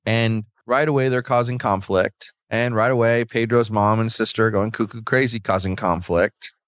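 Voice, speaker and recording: Low-voiced man in rambling podcast chat. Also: fairly even intonation, moderate pace, no echo, clean studio sound. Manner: rambling, recaps a show with restarts. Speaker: podcast co-host. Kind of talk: casual chat.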